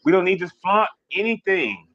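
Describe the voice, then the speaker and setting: A man hosting a casual livestream, chatting fast and rambling, swearing freely as he reads viewer comments. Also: sits high, expressive, vocal fry, highs cut off. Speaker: livestream host.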